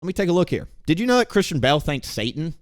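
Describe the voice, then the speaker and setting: A young man speaks straight to camera in an earnest, intense testimony, his voice smooth and resonant. He jumps between loud emphasis and hushed moments. The sound is dry and close. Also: a little high, sing-song, very fast, no echo. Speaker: gaming streamer and video host.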